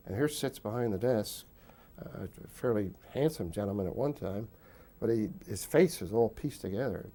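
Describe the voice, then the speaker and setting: Low-voiced older man telling stories. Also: warm tone. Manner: rambling storyteller with frequent chuckles. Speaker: interviewee. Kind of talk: recounting wartime memories.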